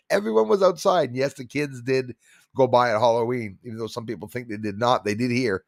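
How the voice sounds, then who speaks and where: A man's voice: mid-range voice, fairly even intonation, fairly quick, dry recording, studio quality. A middle-aged man from Canada hosting a casual livestream, rambling and reading viewer comments aloud. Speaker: livestream host.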